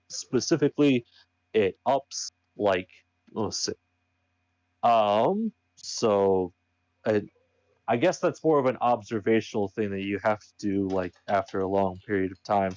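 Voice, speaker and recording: Slow, hesitant game master, man. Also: fairly low pitch, darkish tone, dry recording. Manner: hesitant, searching for words. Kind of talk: running a tabletop game. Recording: dull, dry sound.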